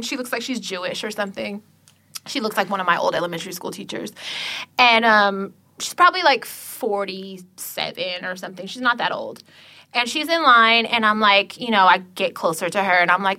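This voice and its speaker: A woman telling a story in casual podcast chat, swearing constantly and acting out the other people's lines. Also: moderate pace. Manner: animated, swears constantly, acts out quotes with big pitch jumps.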